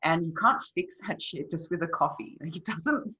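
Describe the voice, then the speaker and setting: A woman with a bright, edgy voice hosts a casual podcast. She talks in a frank, upbeat way and steers the conversation. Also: lowish voice, lively intonation, normal speed. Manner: upbeat, blunt, laughs easily. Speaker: podcast host.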